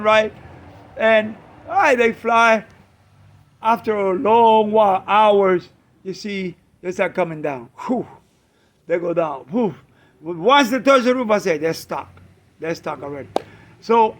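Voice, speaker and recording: A man casually telling a story, animated, acting out friends' voices and bird sounds. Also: high-pitched. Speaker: pigeon fancier, channel host.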